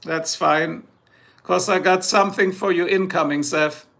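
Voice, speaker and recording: A middle-aged man with a German accent talks loosely on a livestream. He rambles from one joke to the next and calls out to his chat viewers by name. His voice sits high and carries a gravelly rasp. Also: steady tone, a little slow, heavy background noise.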